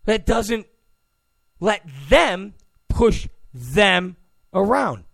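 A man's voice: sits high, big pitch swings, very slow, gravelly, a bit bright, dry recording, studio quality. A male political commentator giving an opinion monologue in a mocking way, often acting out the people he quotes. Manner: mocking, acts out quoted people in put-on voices.

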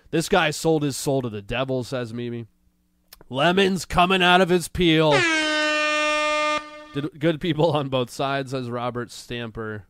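A man's voice: mid-range voice, no echo. Sarcastic male stream host with a cold. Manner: sarcastic, mocking, drawn-out jokes. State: has a cold. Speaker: livestream show host. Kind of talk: casual commentary reacting to clips and chat.

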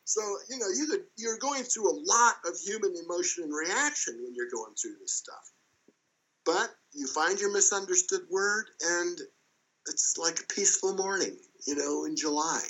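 Man telling a lively, chuckling story. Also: a little high, rough recording. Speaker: interview guest. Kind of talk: casual storytelling.

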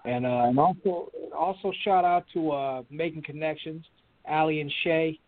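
A man's voice: on the high side, steady tone. A man hosting a call-in show in an easygoing way, heard over a phone line. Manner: easygoing, repeats phone numbers slowly. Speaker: show host.

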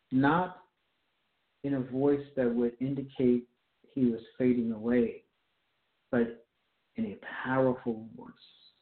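A man delivers a sermon at an unhurried, measured pace. He stresses key words with deliberate emphasis. The sound is thin and phone-like, with a roomy echo. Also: mid-range voice. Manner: slow, deliberate, emphatic preaching. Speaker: preacher. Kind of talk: sermon with scripture reading. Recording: echoey, phone-like tinny sound.

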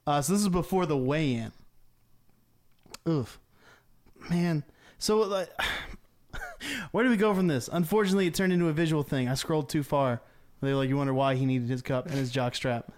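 A man co-hosting a comedic sports podcast, rambling and halting as he reads topics, laughing along. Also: fairly high pitch, a little mellow. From Atlanta area. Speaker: podcast co-host. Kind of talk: casual comedic sports chat.

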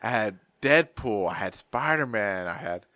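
A man's voice: on the low side, animated, unhurried, pushed and bright, dry recording. A man hosting a podcast, telling stories in a rambling, profane, slangy way. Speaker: podcast host. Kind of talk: casual chat.

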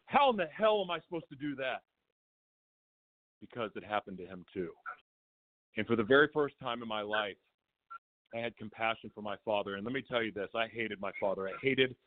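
A man calls in over a thin, phone-like line, his voice sitting at an ordinary middle pitch. He tells a raw personal story in a rambling, emotional way, often stopping to correct himself. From Oklahoma. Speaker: guest calling in. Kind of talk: candid personal testimony.

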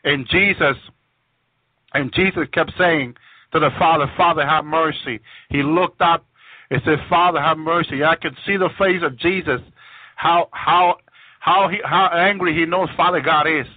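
Sharing his visions as a guest on a religious program, a man gives fervent testimony, frequently restarting and repeating words. He speaks at a measured pace in a voice on the high side, over dry, tinny phone-line audio without room sound.

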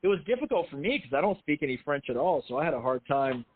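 A man's voice: fairly high pitch, big pitch swings, fast talker, husky. A middle-aged man, a film writer and director, talking casually in an interview, rambling and self-deprecating with many restarts. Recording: tinny phone-like line.

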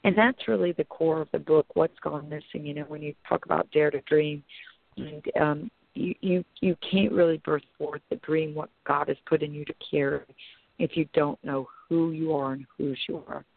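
A woman's voice: sits low, fairly even intonation, moderate pace, creaky, no echo. A woman pastor and author, telling a personal story with earnest drama and turning it into a sermon-like message, heard over the phone. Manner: earnest, dramatic retelling with quoted inner thoughts. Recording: tinny phone line.

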